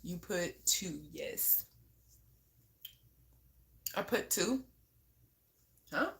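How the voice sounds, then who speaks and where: A woman's voice: on the low side, lively intonation, extremely slow, gravelly, fairly bright tone, reverberant. A young woman chatting casually on a live stream, laughing often and swearing freely as she talks to viewers. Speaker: livestreamer. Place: at home.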